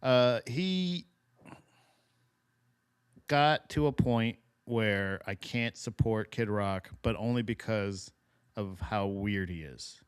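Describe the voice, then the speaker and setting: A man chats easily on a casual podcast, often laughing. He reacts to chat comments in a relaxed, friendly way. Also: lowish voice, slow, pauses often, clear, resonant tone. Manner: laid-back, laughs often, reads chat comments aloud. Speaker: podcast co-host.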